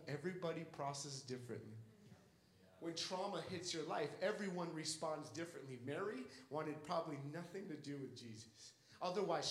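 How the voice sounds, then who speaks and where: A man's voice: a little high, echoey room, poor audio. A young man preaching a sermon with an impassioned, repetitive cadence.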